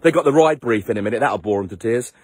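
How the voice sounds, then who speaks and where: Holding his phone camera on a headland, the leader of a charity motorbike trip delivers a rambling, self-deprecating vlog in a quick mid-range voice, worn out from too little sleep. The recording is very noisy.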